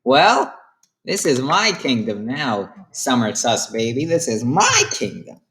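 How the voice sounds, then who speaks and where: A woman voicing a pompous, unhinged male king who calls himself a god, speaking in a high, theatrical voice. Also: huge pitch swings, takes it slowly, a bit bright, roomy sound, heavily acted. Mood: smug.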